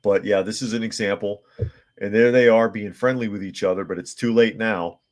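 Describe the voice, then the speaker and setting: A man hosts a live podcast in casual live-stream style, reading viewer comments and news articles aloud and giving blunt opinions. He restarts often and leans on filler words. His lowish voice is steady, a little mellow and moderately paced.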